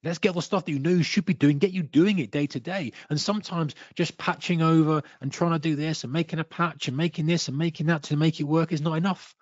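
A man's voice: on the high side, fairly even intonation, fast talker, hardly any pauses, no echo. A man teaching trading in a webinar. He acts out a trader's inner self-talk and makes playful sound effects. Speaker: trading coach presenting a webinar. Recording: dull, slightly lo-fi webinar audio.

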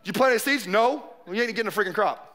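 A pastor in his forties preaching a loose, joking sermon. His voice sits very high for a man and rings bright and forceful. He keeps slipping into playful little acted-out scenes. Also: quick pace. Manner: conversational, joking, acts out quotes.

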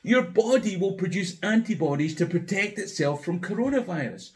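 Scottish man, history guide, sardonic delivery, pitch swinging widely, a touch high. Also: lively intonation, moderate pace. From Scotland. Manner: wry, sardonic, building to mock outrage. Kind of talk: scripted history commentary to camera.

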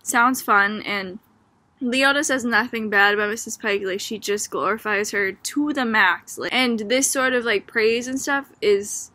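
A young woman with a Boston accent talks through a book in a loose, chatty way, leaning on "like" and "um" as she goes. Her voice sits a little high and sounds bright and forward. The sound is dry and close, with almost no room around it. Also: unhurried, dry recording. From Boston, Massachusetts. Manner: chatty, filler-heavy with frequent "like" and "um"; amused, laughing as she talks. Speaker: student. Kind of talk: casual book discussion.

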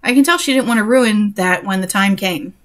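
A woman's voice: mid-range voice, brisk, a bit bright. A young woman reading a story aloud and breaking off for sarcastic, exasperated comments on it. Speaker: reader and commentator.

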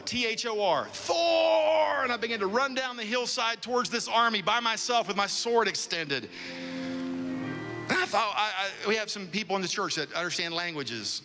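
Emphatic man preaching in a church hall. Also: high voice. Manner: emphatic preaching, shouting at peaks. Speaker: pastor. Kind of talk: sermon.

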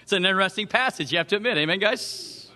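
Man, preacher, sermon, high voice, lively pitch. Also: fast. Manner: animated, acts out the quoted voices in the scripture story.

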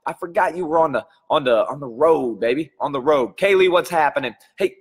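A man's voice: a little high, expressive, fairly quick, hardly any pauses, breathy edge, in a large hall. A man hosting a live stream as a coach, chatting energetically and greeting viewers by name while a little under the weather.

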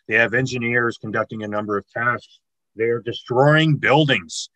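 A man's voice: mid-range voice, moderate pace, bright, forceful tone, no room sound, poor audio. A man giving an online military history lecture over a video call, explaining step by step with fillers and restarts.

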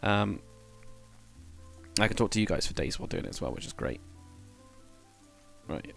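A man's voice: fairly low pitch, animated, normal speed, gravelly, faint music behind. A man chatting casually to viewers on a live stream, rambling and correcting himself as he goes. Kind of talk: casual live-stream chat while building.

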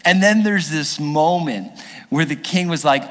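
Animated high-voiced pastor in echoing church. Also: male voice, a little slow. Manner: animated storytelling, acts out the characters with voices. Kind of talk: sermon. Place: church sanctuary. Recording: long hall reverb from a church.

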